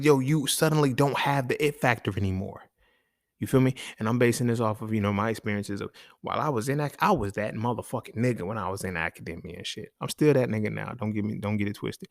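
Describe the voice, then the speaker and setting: A man with a lowish voice delivers a frank, profane solo monologue and keeps checking in with his listeners. The recording is dry and close, with no room sound. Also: dry recording. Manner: blunt, profane, repeats "you feel me". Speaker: podcast host. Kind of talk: casual monologue.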